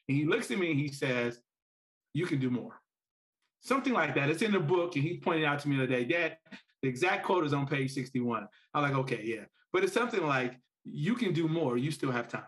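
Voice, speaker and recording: A man's voice: on the high side, fairly quick. A man, a parent and author, telling stories as a podcast guest, acting out quoted lines and laughing often. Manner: animated storyteller who acts out quotes and laughs often. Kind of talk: podcast interview storytelling.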